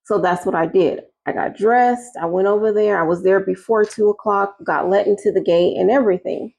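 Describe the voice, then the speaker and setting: Chatty woman telling a story, gravelly. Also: fairly quick, darkish tone. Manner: casual and chatty, acting out quoted lines with rising pitch. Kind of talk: storytime recounting a personal experience.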